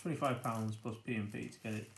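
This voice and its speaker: A British man hosting a board game unboxing, chatting casually and getting easily excited, laughing to himself. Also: mid-range voice, fast, gravelly, a little hiss or hum.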